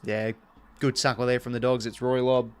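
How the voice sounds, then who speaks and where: An Australian man commentating a footy match live on his stream, mid-pitched and chatty. He calls the play in quick bursts and turns to talk with his viewers between the action. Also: flat delivery, clear, resonant tone. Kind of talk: casual live watch-along commentary.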